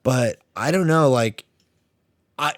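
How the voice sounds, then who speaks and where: Young man, podcast co-host, rambling casual chat, mid pitch, dry close sound. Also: takes it slowly, dry recording. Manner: rambling, filler-heavy, swearing. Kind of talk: casual chat about movies.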